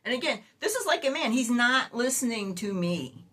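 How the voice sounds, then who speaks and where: A woman's voice: a little high, sing-song, normal speed, fairly bright tone. An older woman, a great-grandmother, telling a story in a casual vlog with sassy, exasperated remarks and frequent laughter. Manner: laughs often while talking. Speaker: vlogger.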